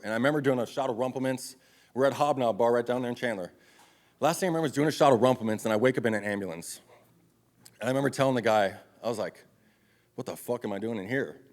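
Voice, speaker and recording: A man in his thirties giving a live motivational speech to an audience, telling his life story in a blunt, profane, confessional way. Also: medium pitch. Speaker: motivational speaker. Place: event stage before an audience.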